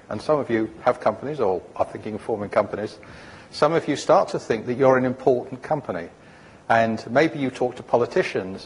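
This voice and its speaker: A man's voice: medium pitch, slight background noise. A man giving a conference talk about founding a company, rambling and anecdotal, full of fillers and restarts.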